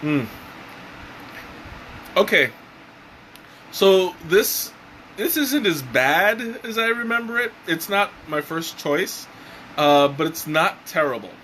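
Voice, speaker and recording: A man casually reviewing a tea on a live stream, halting with many fillers and restarts. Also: high-pitched, very animated, sharp tone, slight background noise, low-quality recording. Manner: hesitant, many fillers and restarts, chuckles often.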